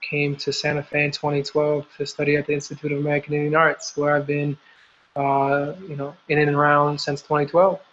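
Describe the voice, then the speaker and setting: A man's voice: on the high side, monotone, brisk, fairly bright tone. A young man from Montana introducing himself as an artist on an online panel, easygoing. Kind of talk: casual self-introduction. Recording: dull lo-fi call audio with faint hiss.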